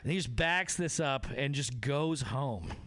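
Bright-voiced man doing crude stand-up. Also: medium pitch, a little slow. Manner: crude, animated storytelling with many voices. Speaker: comedian. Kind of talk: stand-up comedy set.

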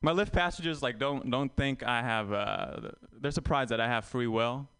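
A man's voice: medium pitch, normal speed, fairly bright tone, clean tone, no room sound. A young Vietnamese-born man doing a stand-up set, wry and self-mocking, rambling into asides to the crowd. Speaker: stand-up comedian.

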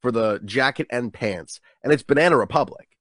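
A man in his twenties, a stand-up comedian, telling stories animatedly in a casual interview with quick restarts. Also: mid-range voice, expressive, dry recording, clean studio sound.

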